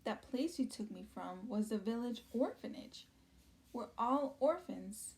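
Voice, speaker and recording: A woman's voice: a little high, lively intonation, a little slow, darkish tone. A woman reading aloud as a young orphan girl who answers plainly and frankly. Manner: matter-of-fact.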